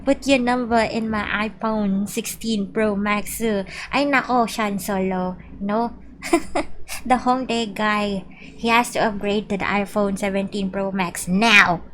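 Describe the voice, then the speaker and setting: A woman's voice: mid-range voice, fairly even intonation, measured pace. A woman with a Filipino accent chatting casually on a game stream, playful and giggly as she reads chat aloud. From Philippines. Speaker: VTuber streamer. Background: faint background music.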